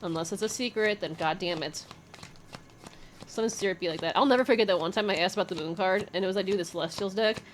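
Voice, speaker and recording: A woman's voice: mid-range voice, quick pace, a little hiss or hum. Swearing, chatty woman reading tarot. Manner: chatty, swears freely, laughs often, thinks aloud with fillers. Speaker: tarot reader.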